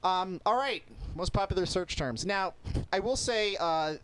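Male podcast host, slightly high voice, crude and offhand, faint hiss under the recording. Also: unhurried, fairly bright tone. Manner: reads out search statistics, crude and joking. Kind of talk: casual chat.

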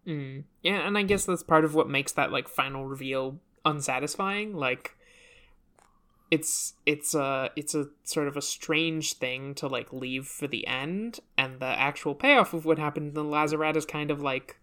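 Woman co-host, low voice, halting, filler-heavy casual talk. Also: a bit bright. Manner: hesitant, full of fillers and restarts. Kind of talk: casual chat about a video game.

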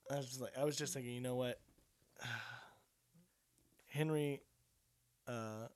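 A man's voice: mid-range voice, fairly even intonation, a little slow, darkish tone. A man in a casual podcast discussion, sharing opinions on a TV series in a rambling way. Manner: rambling, restarts and fillers while giving opinions. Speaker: podcast co-host.

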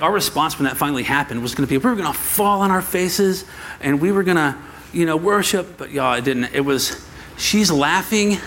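A slightly high-pitched man preaches in a church sanctuary, with a bit of background noise. As a pastor, he animatedly recounts a personal story to the congregation, acting out the voices of the people in it.

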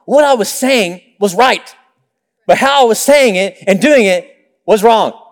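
In a big church hall full of long reverb, a young pastor with a notably high voice gives an expressive, unhurried sermon. He shares personal stories, performs quotes and throws in jokes along the way.

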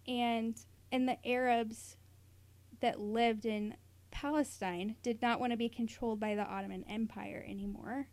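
A woman's voice: fairly high pitch, steady tone, measured pace, darkish tone, no room sound. A woman from the United States, chatting casually as a podcast co-host, with lots of fillers, asides and little laughs. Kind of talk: casual chat.

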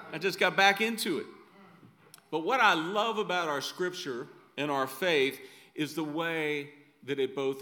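A man's voice: fairly high pitch, sharp tone. A middle-aged male pastor preaching a sermon in a conversational way, often adding "right?" asides.

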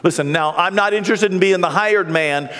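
A middle-aged man preaching a sermon as pastor, swinging from hushed, quiet stretches to loud, impassioned peaks. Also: high-pitched, fairly quick. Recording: long reverb of a large hall.

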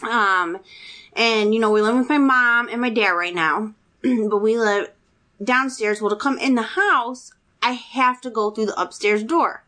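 A woman in her thirties telling a personal story in casual chat, animated and acting out quotes with a rising voice. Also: measured pace. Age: 30s. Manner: chatty, animated, acts out quotes with rising pitch.

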